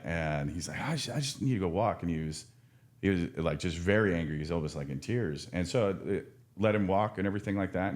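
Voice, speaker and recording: A man's voice: low-pitched, a little mellow. A man working as an addiction counselor, talking frankly and earnestly in a casual podcast conversation, with many restarts and the odd swear word.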